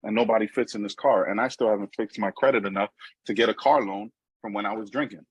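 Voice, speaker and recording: A man's voice: lowish voice, quick pace, breathy edge, no room sound, muffled recording. A middle-aged man from New York with a New York accent, giving a personal recovery talk in a conversational storytelling way with frequent asides to listeners. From New York, USA. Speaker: recovery meeting speaker.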